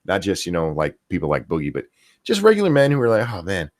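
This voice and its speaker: A man's voice: low voice, wildly swooping pitch, quick pace, a little mellow, dry recording. Man, middle-aged, stream host, profane rant, dry close sound. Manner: profane, ranting, reads chat aloud. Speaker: commentary streamer. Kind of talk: casual live-stream rant.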